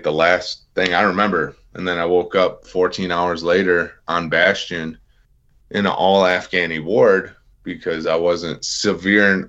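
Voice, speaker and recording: A veteran in his thirties, appearing as a guest on an interview podcast, tells his story plainly in a casual, self-deprecating way. His deep, slightly bright voice comes through dull audio.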